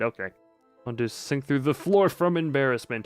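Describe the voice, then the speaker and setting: A young man with a smooth, clear voice reads a game's story aloud for his stream, breaking off often with dry, joking remarks. Faint game music sits quietly behind him. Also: medium pitch, normal speed. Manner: dry, joking commentary between narration. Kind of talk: reading a visual novel aloud with jokey asides.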